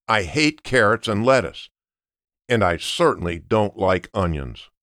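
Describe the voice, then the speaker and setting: A man's voice: fairly low pitch, sing-song, unhurried, a bit bright, no echo, studio quality. A man voicing a sulky little girl in a read-aloud storybook. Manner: sulky, then apologetic. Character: grumpy little girl who hates vegetables.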